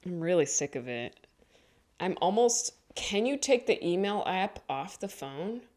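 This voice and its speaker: A woman comedian telling rambling stories in a casual, mumbly way and acting out quotes in higher voices. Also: very animated, measured pace, darkish tone. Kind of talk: casual comedic storytelling monologue.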